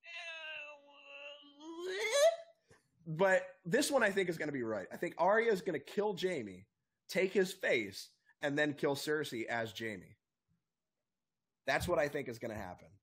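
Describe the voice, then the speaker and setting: A young man co-hosting a casual podcast, talking in an excitable, profane rant. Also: on the high side, normal speed, breathy edge. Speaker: podcast co-host. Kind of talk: casual chat.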